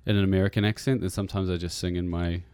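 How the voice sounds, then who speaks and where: A man's voice: deep voice, steady tone, racing, darkish tone, clean tone, no room sound. A man with a New Zealand accent, a musician guest rambling through an interview with many fillers and restarts. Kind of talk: casual interview chat. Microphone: radio studio mic.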